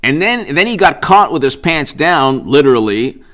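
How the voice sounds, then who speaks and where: Sarcastic male political commentator, clear voice. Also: on the high side, moderate pace. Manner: sarcastic, animated, repeats himself. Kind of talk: live-stream commentary.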